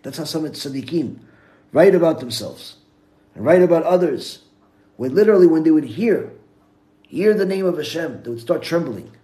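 Rabbi giving an impassioned Torah lecture. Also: male voice, on the high side, lively intonation, normal speed. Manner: storytelling with big swings from hushed to loud; peppers English with Hebrew terms.

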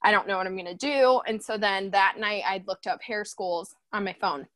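A young woman in her twenties shares her story as a guest in an easygoing conversation. She is animated, laughs often, and slips into acting out her own old thoughts. Her voice sits at a middle pitch, recorded dry and close. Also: normal speed, no echo. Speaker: guest, hairstylist. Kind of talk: casual storytelling chat.

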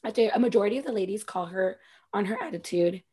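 A woman co-hosting a casual podcast, recapping a reality-TV reunion in a chatty, profane, animated way. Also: mid-range voice, fast talker, breathy edge. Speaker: podcast co-host.

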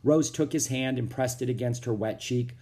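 A man reading a children's chapter book aloud in steady storytelling narration. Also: medium pitch, moderate pace. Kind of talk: audiobook narration.

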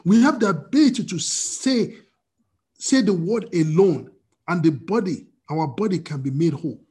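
A man preaching a sermon as pastor, animated, quizzing his listeners with questions and answering them himself. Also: high-pitched, normal speed. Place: church service streamed on video call.

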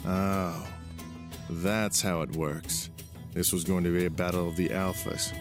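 A man reading an audiobook chapter aloud as narrator, in a steady storytelling way. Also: low-pitched, moderate pace. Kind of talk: scripted narration. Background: music.

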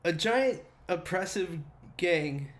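A man's voice: high-pitched, animated, takes it slowly. A man co-hosting a casual podcast, reading from notes and breaking into profane jokes and laughter. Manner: reads notes aloud, breaks off into profane joking asides; laughs often mid-sentence. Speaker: podcast co-host reading the story.

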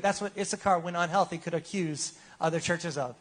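A man's voice: on the high side, brisk, hardly any pauses. A man preaching a sermon as pastor in a casual, joking way, often asking the congregation for replies.

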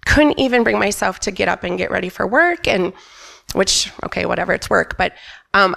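A woman's voice: mid-range voice, brisk, creaky, fairly bright tone. A middle-aged woman telling a candid, emphatic personal testimony on a church stage. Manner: candid, emphatic storyteller who quotes herself. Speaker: church member giving a testimony.

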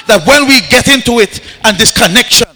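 A man preaching a sermon, shouting and leading the congregation in chanted call-and-response refrains. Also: very high-pitched, a little fast. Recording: echoey hall.

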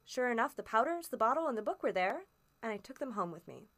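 A woman reading a classic story aloud as a first-person narrator, steady and expressive in emphasis. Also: a little high, fast. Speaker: audiobook reader.

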